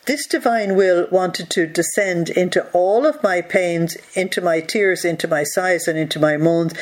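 A teacher reading a devotional text aloud, slowing down on key phrases and stopping to explain them with rhetorical questions. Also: medium pitch. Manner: reads passages slowly, then explains with rhetorical asides.

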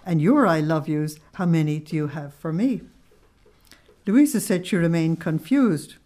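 Woman, low-ish voice, earnest spiritual study leader who reads and explains texts. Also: unhurried, warm tone. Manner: earnest, explains, asks tag questions. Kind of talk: religious teaching with read-aloud passages.

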